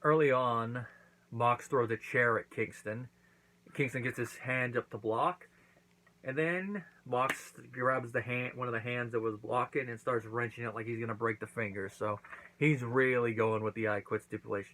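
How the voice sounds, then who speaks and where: A man's voice: mid-range voice, fairly even intonation, moderate pace, bright, forceful tone, slight background noise, poor audio. A man hosting his own channel, casually recapping and reviewing a wrestling event, acting out quotes as he goes. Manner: chatty recap with acted-out quotes.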